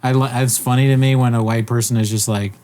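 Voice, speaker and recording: A man's voice: mid-range voice, fairly even intonation, fast talker, mellow. A man hosting a podcast in casual chat, joking, swearing freely and slipping into mocking impressions. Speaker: podcast host.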